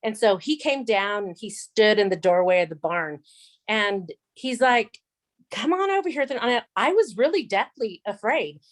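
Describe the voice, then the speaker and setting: A woman guest on a video call, telling a lively personal story with acted-out quotes. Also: medium pitch, measured pace. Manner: animated storyteller acting out quotes. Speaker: guest speaker.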